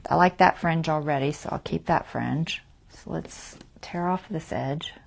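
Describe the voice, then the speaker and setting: Hosting a casual craft tutorial livestream, a woman is chatty and self-deprecating, narrating each step to herself and muttering half-whispered asides. Her gravelly voice sits low, and she speaks a little slowly.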